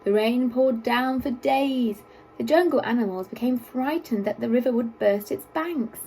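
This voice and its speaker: A woman reading a children's story aloud in an expressive, sing-song way. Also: on the high side, normal speed, breathy edge, low-quality recording.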